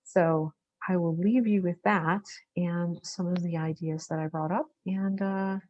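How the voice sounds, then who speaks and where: A woman's voice: fairly low pitch, fairly even intonation, unhurried, a little mellow, dull audio. A woman guest presenter wrapping up a talk and then discussing ideas in a thoughtful way, with some fillers.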